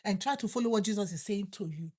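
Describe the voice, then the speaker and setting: A woman's voice: mid-range voice, darkish tone, slightly rough. Fervent woman preacher praying aloud. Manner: fervent, repetitive prayer phrases, slows for emphasis. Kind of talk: prayer and sermon.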